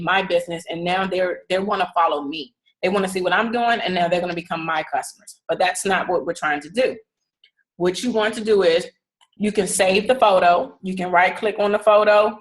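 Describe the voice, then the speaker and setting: A woman gives her business team a casual coaching talk. She speaks directly and keeps checking that everyone follows along, at a middle pitch. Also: poor audio. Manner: casual, direct, repeats "okay?" to check understanding. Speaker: fitness business team leader.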